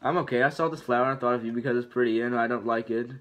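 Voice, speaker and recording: A man's voice: medium pitch, fairly even intonation, rapid-fire, a bit bright, slight background noise, lightly acted. A man reading as an awkward ogre. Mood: nervous. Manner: nervous, stumbling delivery. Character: gruff, awkward male ogre. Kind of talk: casual amateur script reading.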